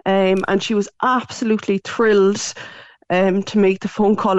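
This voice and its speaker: A woman's voice: mid-range voice, little pitch movement, normal speed, dry recording. Irish woman in her 40s on the radio, chatty and emotional, dull dry sound. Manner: chatty, emotional, quotes others often. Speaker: radio guest. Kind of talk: casual storytelling chat.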